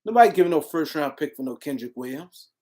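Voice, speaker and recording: A man hosting a casual sports livestream, answering comments and shouting out viewers in the chat. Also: on the high side, expressive, fast talker. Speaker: livestream host.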